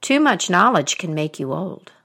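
A woman's voice: fairly low pitch, very animated, moderate pace, heavily acted. A woman storyteller voicing a fearsome old witch who speaks sharply and bluntly. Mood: stern. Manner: sharp and commanding.

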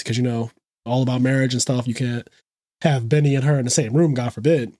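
A man co-hosting a podcast, retelling scenes in a casual, animated way with quick asides. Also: mid-range voice, no echo, studio quality. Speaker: podcast co-host. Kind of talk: casual chat.

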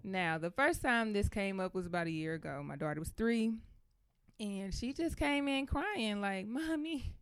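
Animated woman host, smooth dry voice. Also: mid-range voice, normal speed, no room sound. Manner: animated, storytelling, Southern-style colloquial speech. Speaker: podcast host. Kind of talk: casual chat.

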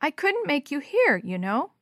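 A woman's voice: high voice, huge pitch swings, a little slow, no echo, studio quality, pitched above the performer's own voice, full character voice. A woman doing a small, timid little girl. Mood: grateful. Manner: small, tearful, pleading.

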